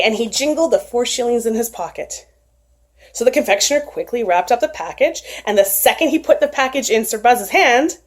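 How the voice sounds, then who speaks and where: A woman retelling a folktale, her voice fairly high and swinging widely as she leans into the drama. She narrates expressively and with animation. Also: animated, a little fast. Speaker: storyteller. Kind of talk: folktale storytelling.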